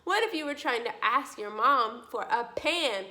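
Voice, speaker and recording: A young adult woman giving a children's speech lesson, speaking slowly and clearly with encouraging questions. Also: a little high. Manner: slow, clearly articulated, encouraging teacher talk with lively questions. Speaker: speech therapy teacher.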